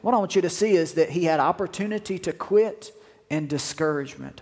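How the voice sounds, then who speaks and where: A man's voice: a little high, fairly quick, gravelly, a little mellow. A male pastor preaching a sermon, repeating phrases and asking the congregation questions. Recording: long hall reverb.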